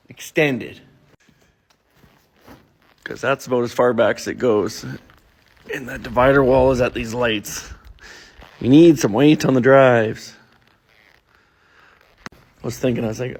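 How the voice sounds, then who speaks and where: A man's voice: medium pitch, a little mellow. A man, a farmer narrating his own shop project in a dry, muttering, self-deprecating way with offhand swearing. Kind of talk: casual project vlog narration.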